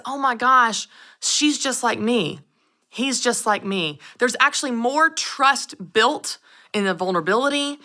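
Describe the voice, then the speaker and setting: Animated woman, thirties, motivational host talking to camera; bright tone. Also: fairly high pitch. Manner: animated storytelling, addresses the audience directly. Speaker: show host and business coach.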